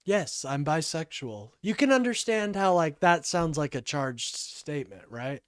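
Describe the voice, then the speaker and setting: A man hosting a casual political livestream with call-ins, talking haltingly and apologizing often. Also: fairly high pitch, animated, dry recording, studio quality.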